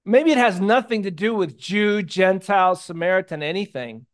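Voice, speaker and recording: A man preaching a sermon in a conversational, animated way, with jokey personal stories, hushed asides and sudden loud bursts. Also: high voice, normal speed. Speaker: pastor.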